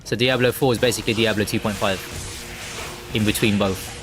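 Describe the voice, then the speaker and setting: A man's voice: fairly low pitch, fairly even intonation, fairly quick, over music. A man chatting casually and joking while streaming a co-op game. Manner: joking, chatty, laughs easily. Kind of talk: casual gameplay chat.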